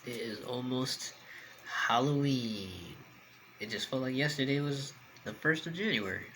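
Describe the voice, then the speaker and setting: A man's voice: mid-range voice, a little slow, bright, forceful tone, a little hiss or hum, poor audio. A young man, chatting casually to the camera while he eats, rambling and talking with food in his mouth. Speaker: mukbang vlogger.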